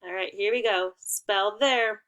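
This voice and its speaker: Woman teacher, unhurried delivery, encouraging and instructive with playful prompts for young children. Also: medium pitch, fairly bright tone. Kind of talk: remote class lesson for young children.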